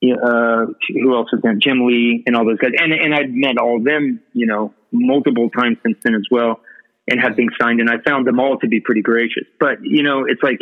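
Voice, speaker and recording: A man's voice: medium pitch, fairly even intonation, moderate pace. Guy rambling thru a story on a call, lots of ums, tinny phone audio. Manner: rambling, swears freely, frequent fillers. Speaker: podcast guest. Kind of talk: casual storytelling.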